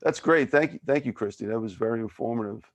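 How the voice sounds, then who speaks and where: A man's voice: medium pitch, fast talker. A man with a Philadelphia accent hosting a podcast interview, asking friendly questions and often restarting his sentences. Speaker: podcast host. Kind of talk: casual interview.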